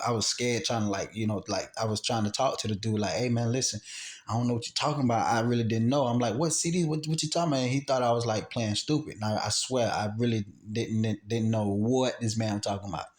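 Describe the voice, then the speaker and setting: A man casually telling a personal story, acting out quotes and sound effects and often repeating himself. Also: lowish voice. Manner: animated, acts out gunshots and quotes, repeats himself. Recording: roomy echo.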